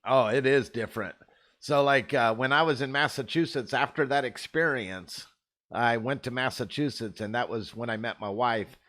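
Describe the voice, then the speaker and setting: With a medium-pitched, slightly bright voice at a moderate pace, this Arizona man hosts and spins rambling stories full of profanity. His manner is relaxed and casual throughout.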